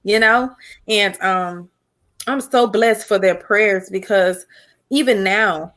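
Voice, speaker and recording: A woman guest on a casual livestream talk show, an animated storyteller. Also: mid-range voice, slow. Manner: animated storyteller, mimics family voices. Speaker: guest YouTuber.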